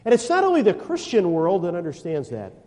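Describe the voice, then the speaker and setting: A man preaching in a church sanctuary, his voice swinging widely from high emphatic peaks to low, quiet drops. The tone is mellow and dark, and a long hall reverb trails each phrase. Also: wildly swooping pitch. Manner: emphatic preaching with dramatic pauses, reads scripture aloud. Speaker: pastor. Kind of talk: sermon.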